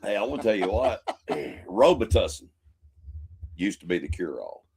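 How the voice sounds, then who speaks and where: A man's voice: lowish voice, big pitch swings, moderate pace, vocal fry, a little mellow, slight background noise. A man co-hosting a casual livestream, folksy with short agreeing replies and wry asides. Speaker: co-host.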